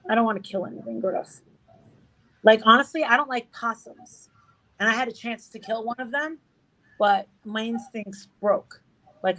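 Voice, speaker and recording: A woman's voice: mid-range voice, fairly bright tone, poor audio. A middle-aged woman chatting casually as an interview guest, swearing freely and acting out the dialogue in her stories. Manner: swears freely, tells stories with reported speech. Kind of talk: casual chat.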